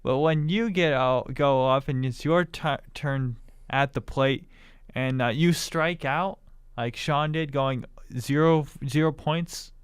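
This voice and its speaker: A man's voice: medium pitch, slow, clear, resonant tone, no room sound. A man hosting a racing podcast from a studio, trading joking, mock-defensive banter with his co-host. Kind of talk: casual racing podcast chat.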